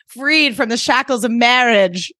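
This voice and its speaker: A woman's voice: measured pace, pushed and bright, dry recording, studio quality. A young woman co-hosting a podcast, chatting casually about a TV episode and acting out quotes, filling her talk with "like". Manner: chatty, many "like" fillers, acts out quotes in a higher voice. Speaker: podcast co-host. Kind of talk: casual chat recapping a TV episode.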